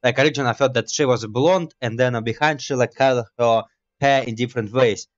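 A man's voice: mid-range voice, brisk, dull audio. A man doing let's play commentary as a gaming YouTuber, rambling and teasing himself. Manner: rambling, self-mocking chatter.

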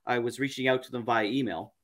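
A man, a podcast guest, telling a story in a halting, casual way, repeating words and using many fillers. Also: medium pitch, fairly even intonation, fairly bright tone.

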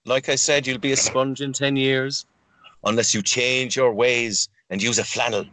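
A man in silly comedy banter, deadpan and mock-authoritative. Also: mid-range voice, normal speed, rough recording.

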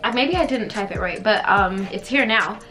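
A woman's voice: medium pitch, moderate pace, sharp tone, soft background music. A young woman guest in a casual chat with a friend, playful and self-mocking, acting out dramatic quotes.

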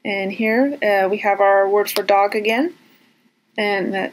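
A woman leads a pronunciation lesson at an unhurried pace, stretching out vowels and saying each example word twice or more. Her pitch sits in the middle range, and she pads her explanations with soft fillers. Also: steady tone. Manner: slow, patient, repeats each word with many fillers. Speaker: language teacher.

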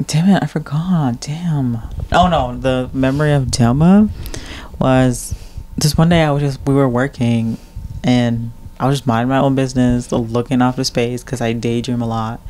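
A man's voice: mid-range voice, normal speed, a little hiss or hum. A man hosting a casual podcast chat with his siblings, telling stories animatedly and cursing freely. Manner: animated storytelling with profanity. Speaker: podcast host.

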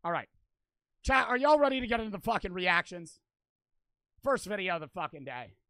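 Young male streamer, casual, profane, reading donations fast; high, bright, dry. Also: very animated, no room sound. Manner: swears constantly, rattles off donor thanks. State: out of breath. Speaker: livestreamer. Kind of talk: casual charity livestream chat.

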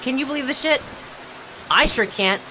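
A woman's voice: high-pitched, lively intonation, moderate pace, noisy background. A woman playing a horror game and commenting as she goes, tense and swearing, talking to herself and to the game. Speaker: let's play gamer.

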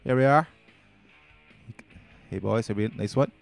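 A man's voice: on the low side, unhurried, creaky, faint music behind. A man with a Cork accent, chatting casually and rambling through his first gaming commentary as a channel host. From Ireland.

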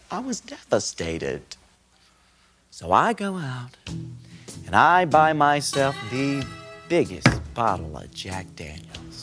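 A comedian performing a one-man stage show, telling stories in a theatrical, animated way. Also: medium pitch, slow pace, over music.

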